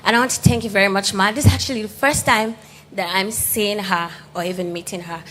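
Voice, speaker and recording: A woman's voice: medium pitch, steady tone, brisk, a bit bright, faint music behind. A woman giving an earnest thank-you speech as an award recipient at an event, respectfully greeting her elders.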